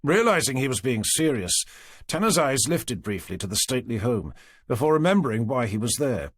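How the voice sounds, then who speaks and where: A male audiobook narrator reading a detective story in a measured, steady way. His voice is slightly husky, mid-pitched, and recorded close and dry. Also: dry recording. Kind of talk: scripted narration.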